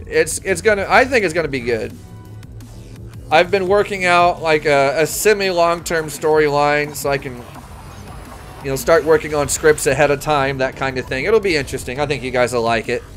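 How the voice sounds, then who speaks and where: A man casually chatting on a live game stream, rambling, correcting himself and laughing easily. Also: on the high side.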